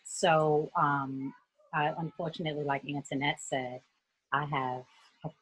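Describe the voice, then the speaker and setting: A woman from New York with a deep, heavily husky voice tells a personal story to a group. She speaks in an earnest, steady way over a video call. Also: a little slow, dry recording, poor audio. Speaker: youth mentor.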